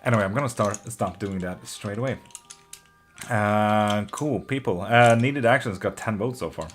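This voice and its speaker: Low-voiced, foul-mouthed man hosting tarot live. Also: normal speed, soft background music. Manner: loose and profane, swears freely, laughs often; emotional and openly affectionate with viewers. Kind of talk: casual live-stream chat, reading out viewer comments.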